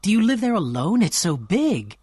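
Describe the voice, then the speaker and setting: An excitable, tender young woman who gushes breathlessly, voiced by a man who lifts his pitch for her. The sound is dry and close, like a storybook reading for learners. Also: a little slow, dry recording. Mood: excited.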